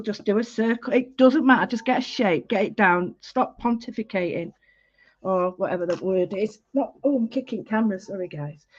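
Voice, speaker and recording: A woman's voice: mid-range voice, a little mellow, muffled recording. A woman, hosting a casual livestream art lesson, chatty and full of greetings, often interrupting herself. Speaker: art class host.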